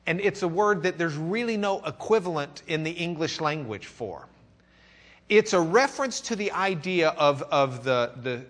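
Texan male pastor, fairly high voice, church-class sermon, dramatic loud-to-soft swings, restarts. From Texas. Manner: swings from loud questioning to quiet confiding, with joking asides; restarts and repeats words. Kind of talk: sermon lesson.

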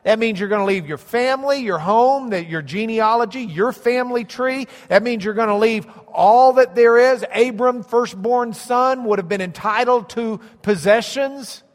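A man's voice: extremely high pitch, normal speed, few pauses, long reverb tail. A man preaching a sermon, explaining a map and stressing points through emphatic repetition. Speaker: pastor.

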